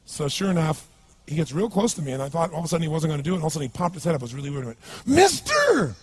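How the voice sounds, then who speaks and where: Fast-talking emphatic motivational speaker, male. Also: on the high side, darkish tone, soft background music. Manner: emphatic, punchy, asks the audience questions. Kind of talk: live seminar speech.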